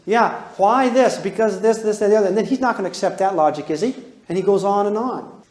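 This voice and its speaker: Animated man lecturing in an echoey hall. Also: quick pace. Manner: animated, joking, acts out dialogues with swings in pitch and loudness. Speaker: parenting seminar lecturer. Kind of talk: live lecture to an audience. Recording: roomy hall echo.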